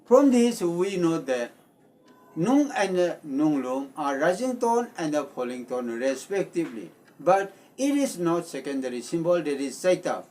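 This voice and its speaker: A Meitei-speaking man who hosts a channel teaches a language lesson methodically, repeating every point. His warm voice is a little high with big pitch swings and a slightly slow pace, and he sounds distant from the mic.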